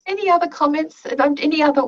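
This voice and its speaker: A woman's voice: sits high, very fast. Woman telling classroom stories on a call. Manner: anecdotal, conversational, with many restarts. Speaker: teacher educator. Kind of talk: online class discussion. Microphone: video call. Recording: muffled, distant video call audio.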